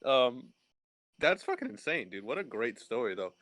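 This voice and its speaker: A man's voice: medium pitch, very animated, moderate pace, a bit bright, no room sound. A man co-hosting a podcast in casual chat, laughing a lot and swearing freely. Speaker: podcast co-host.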